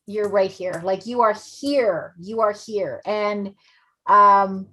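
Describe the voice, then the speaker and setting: A woman's voice: mid-range voice, slow pace, sharp tone. A woman hosting an online event, gushing and effusive, repeating her praise. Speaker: event host.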